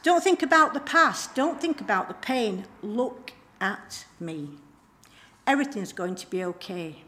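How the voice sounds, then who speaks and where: Jesus as a calm, reassuring grown man, soothing and coaxing in a gentle, unhurried way, as a woman voices him. The steady pitch sits mid-range and the reading stays soft and patient.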